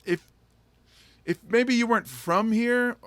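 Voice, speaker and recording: A man from Hawaii hosting a casual comedy podcast chat, animated and quick to laugh. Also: very high-pitched, no room sound.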